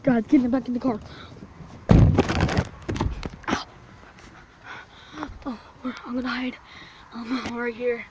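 Woman vlogger, fairly high voice, jumpy, whispers then exclaims, noisy handheld sound. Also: level tone, normal speed. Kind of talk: playful make-believe vlog. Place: in and around a car.

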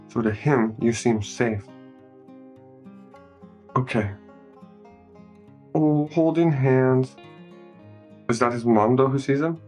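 A man giving a casual, joking movie recap, commenting on each scene as it unfolds. His voice sits in an ordinary middle range. Soft music plays faintly in the background. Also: mid-range voice. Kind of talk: casual improvised movie narration.

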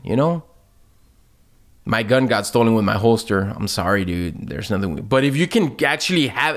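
Brief: relaxed male company owner, casual chatty delivery, mid-pitched, frequent laughs. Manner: laid-back, says "man" and "dude" often, laughs a lot. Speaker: company owner answering viewer questions. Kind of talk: casual chat.

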